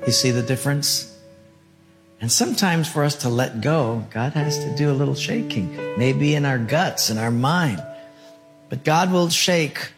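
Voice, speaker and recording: A middle-aged male pastor preaching a sermon and telling the story with dramatic pauses. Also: mid-range voice, over music.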